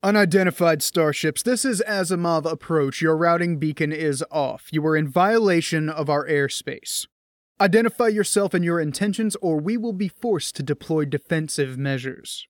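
A man's voice: on the high side, normal speed, no echo, clean studio sound, natural voice. A man voicing a stern male officer giving orders over a radio channel. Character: stern male officer, hostile colony approach control.

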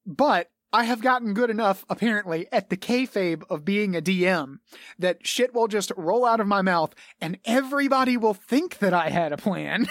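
A young man rambles through a casual podcast monologue, laughing often and swearing freely. His voice sits a little high for a man. It is recorded close and dry, with no room sound. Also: animated, normal speed, fairly bright tone, no echo. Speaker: podcast host.

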